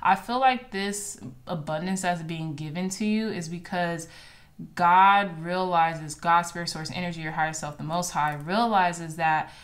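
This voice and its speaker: A woman's voice: fairly low pitch, unhurried. A woman giving a casual, encouraging tarot reading to her viewers, reading card affirmations aloud with chatty asides. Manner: chatty with fillers and asides like "child" and "okay". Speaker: tarot reader.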